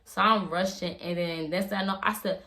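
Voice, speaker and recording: A woman's voice: fairly low pitch, fairly even intonation, a little fast, bright, forceful tone. Rambling young woman telling a story. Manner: rambling, slangy, many fillers and restarts. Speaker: vlogger. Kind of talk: casual storytime.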